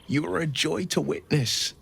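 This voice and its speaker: A man's voice: fairly high pitch, normal speed, vocal fry, fairly bright tone, slightly rough, full character voice. A man voicing a courteous, romantic young warlock hero in a video game. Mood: gallant, tender.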